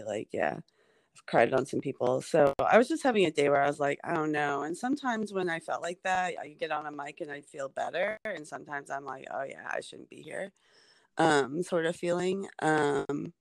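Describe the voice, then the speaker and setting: A woman's voice: low voice, creaky, dry recording. A woman comedian talking in a casual podcast chat, rambling with many fillers like "like" and "um". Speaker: stand-up comedian, guest.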